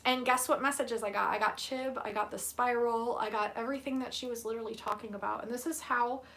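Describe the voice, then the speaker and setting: A woman's voice: a little high, fairly even intonation, fast, a bit bright. A woman in her thirties, a psychic reader chatting on a live stream in a gushing, giggly way, with lots of "like" as filler. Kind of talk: live-stream casual chat.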